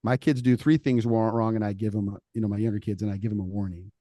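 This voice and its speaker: Man with a low, mellow voice. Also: quick pace, no room sound. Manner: animated storytelling, acts out quoted voices. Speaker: podcast co-host. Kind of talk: casual faith talk.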